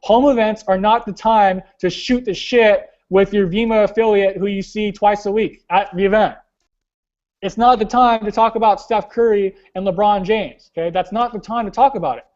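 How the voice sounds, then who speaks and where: Young male team leader, high-pitched, blunt and casual, hosting a webinar call; muffled lo-fi sound. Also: fairly even intonation, moderate pace, a little mellow. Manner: blunt, casual, slangy, keeps saying "guys". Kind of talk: motivational coaching talk.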